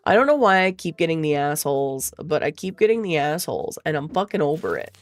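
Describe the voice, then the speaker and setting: A woman's voice: low-pitched, very animated, fast talker, dry recording. A woman talking in a casual chat, venting in a profane, exasperated way. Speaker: streamer.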